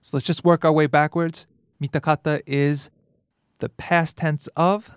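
A man hosting a language lesson podcast, explaining grammar in a lively way, laughing often and acting out dialogue lines. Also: on the high side, a little slow, smooth, dry recording, clean studio sound. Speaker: language teacher and host.

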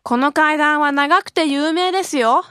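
A woman's voice: sits high, quick pace, bright, forceful tone, no echo. A woman playing a young woman chatting casually on the phone in a scripted language-course dialogue.

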